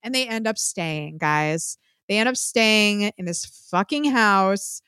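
A woman co-hosting a podcast, recapping a film in a casual, profane, lively storytelling way. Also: medium pitch, takes it slowly, clean tone, no room sound, clean studio sound. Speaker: podcast co-host.

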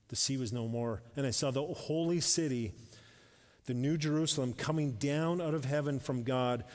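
A male pastor preaching a sermon. He grows emphatic and louder when reading scripture and drops softly for asides. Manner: drops to a soft, low voice for asides. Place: church sanctuary. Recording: reverberant church hall.

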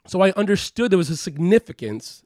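A man with a somewhat high voice tells a long personal story in loose, rambling talk. He swears freely, leans on "like", and slips into animated impressions of other people. The sound is close and dry, with no room around it. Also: fairly quick, dry recording. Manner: rambling, heavy use of "like" and profanity, animated quoting. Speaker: guest telling a story. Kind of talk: casual conversational storytelling.

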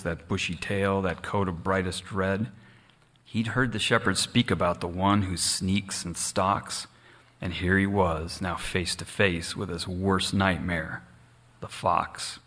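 A man narrating a rhyming storybook in a measured, expressive way. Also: low voice.

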